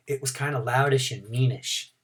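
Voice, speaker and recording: A man, a teacher, reading a children's storybook aloud in an animated, expressive way. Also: medium pitch, very noisy.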